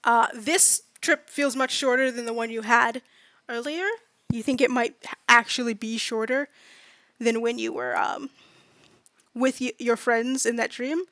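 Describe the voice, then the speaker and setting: A woman's voice: fairly high pitch, steady tone, a little slow, fairly bright tone, no room sound. Dry, casual woman game master. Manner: casual, filler-heavy descriptive narration. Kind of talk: narrating a tabletop game.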